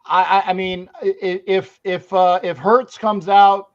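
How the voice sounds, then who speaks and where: Guy cohosting a sports podcast, kinda high voice, goofy and loud, muffled lo-fi sound. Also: flat delivery, measured pace. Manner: loud, jokey, bursts into shouting. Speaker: podcast co-host. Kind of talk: casual sports talk. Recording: dull lo-fi audio.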